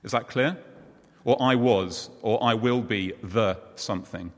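A man's voice: lowish voice, a little slow, big-room sound. A man preaching in a chatty way, talking with the congregation. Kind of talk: sermon.

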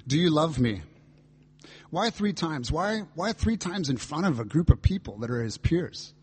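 A man's voice: medium pitch, darkish tone, husky. A man pastor preaching a reflective, earnest sermon, reading and voicing scripture dialogue as he explains it.

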